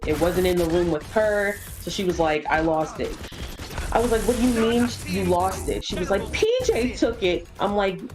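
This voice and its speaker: A young woman chatting casually during a game stream, telling stories with lots of "like" and swearing, copying kids in squeaky voices. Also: poor audio. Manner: casual swearing, says "like" a lot. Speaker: streamer co-host. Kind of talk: casual chat while gaming.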